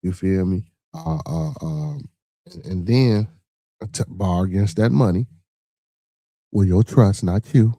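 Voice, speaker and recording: A man's voice: fairly low pitch, measured pace, creaky, long pauses, dark tone, dry recording, clean studio sound. A man with a Chicago accent hosting a podcast, giving blunt, profane money advice in casual chat and often restarting his words. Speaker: podcast host.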